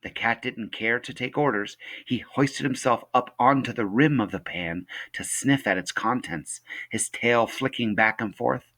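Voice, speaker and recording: A teacher reading a novel chapter aloud to his class in steady narration. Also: medium pitch, a little slow, hardly any pauses.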